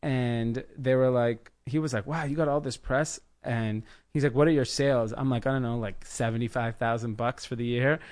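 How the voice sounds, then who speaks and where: Animated storytelling man in his thirties. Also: mid-range voice, moderate pace, few pauses, smooth. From United States, Los Angeles area. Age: 30s. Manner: animated storyteller acting out quoted people. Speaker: podcast guest, clothing brand founder. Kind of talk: casual interview storytelling.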